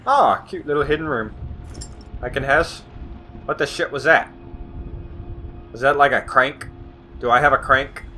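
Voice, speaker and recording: A man talks through a horror game in a slow, bright voice, sarcastic and quick to swear. He yells at the game when it scares him. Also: medium pitch, faint music behind. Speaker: gamer. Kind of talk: horror let's play commentary.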